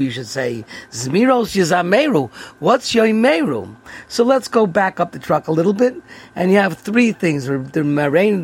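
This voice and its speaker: A man hosting a daily prayer lesson, explaining terms in a relaxed teaching manner. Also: sits high, slightly rough. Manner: explanatory, sprinkled with Hebrew and Yiddish terms. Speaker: host.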